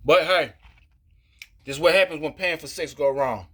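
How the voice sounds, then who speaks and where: A man talking to camera in a casual, profane rant, frustrated and rambling, filling every pause with "you know" and restarting his sentences. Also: on the high side, fairly bright tone. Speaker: vlogger. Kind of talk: casual ranting monologue.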